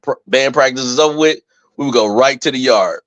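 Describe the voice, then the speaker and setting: A young man chatting casually on a podcast, telling stories with lots of laughter and acting out quotes in a higher voice. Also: a little fast, no room sound, low-quality recording. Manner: animated storyteller, acts out quotes in a higher voice, laughs often. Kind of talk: casual chat.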